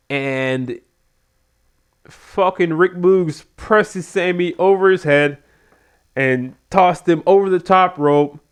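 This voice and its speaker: A man animatedly retells the events of a wrestling show in a casual spoken review, acting out quotes along the way. He has a clean, fairly high-pitched voice.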